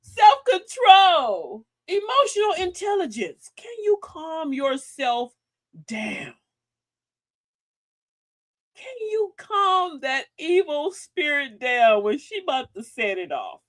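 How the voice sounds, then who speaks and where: Lively high-voiced woman, sassy and preachy. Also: slow pace, no room sound. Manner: folksy, sassy, preachy, laughs often. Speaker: livestream host. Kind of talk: casual motivational talk.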